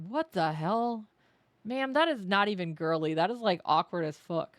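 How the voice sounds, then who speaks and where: A woman streaming a visual novel, joking crudely and reacting excitedly. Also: mid-range voice, normal speed, no room sound. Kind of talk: live game commentary.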